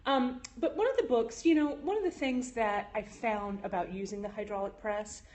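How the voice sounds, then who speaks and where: A woman's voice: a little high, normal speed, a little mellow. A woman hosting a casual phone livestream from her jewelry studio, chatting with viewers with frequent "um"s. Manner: chatty, with frequent "um"s, reads and answers viewer chat. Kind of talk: casual live-stream chat.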